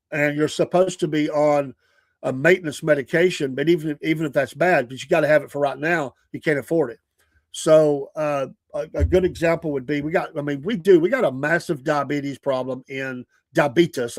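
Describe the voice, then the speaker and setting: A Southern-accented man in his sixties hosts a casual morning show, talking in an earnest, rambling way full of restarts and small chuckles. His voice sits a little high for a man. The sound is dry and close, with no room around it. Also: no room sound. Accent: Southern American. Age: 60s. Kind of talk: casual livestream chat.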